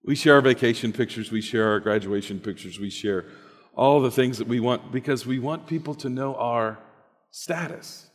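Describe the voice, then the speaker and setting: A pastor delivers a sermon in an echoey hall, telling stories in a conversational yet emphatic way. His voice is mid-range and his speed normal.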